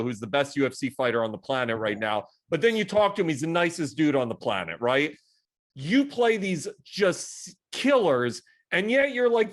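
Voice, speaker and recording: A man hosting an interview show, asking questions in an eager, casual and profane way. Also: a little high. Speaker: host.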